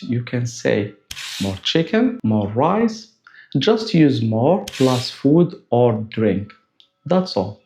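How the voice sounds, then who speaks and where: A man's voice: medium pitch, mellow, slight background noise. A man teaching a language lesson, patiently modeling short spoken questions with rising intonation. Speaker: English teacher. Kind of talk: scripted lesson narration.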